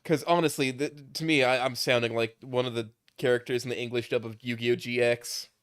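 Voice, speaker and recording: A man's voice: medium pitch, no echo. Young man streaming a game, dry sound. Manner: joking, swears, chats with viewers. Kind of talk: live game playthrough, reading aloud.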